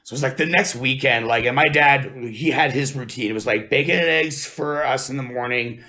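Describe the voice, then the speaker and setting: A man's voice: mid-range voice, brisk, sharp tone. A man in his thirties, co-hosting a podcast, telling swear-laced stories with laughs and quoted voices. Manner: laughing storyteller, swears freely, quotes people in changed voices. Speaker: podcast co-host. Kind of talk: casual chat.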